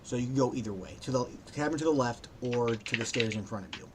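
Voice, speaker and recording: A man's voice: medium pitch, fast, background noise. A man running a tabletop game as game master, narrating casually and thinking aloud.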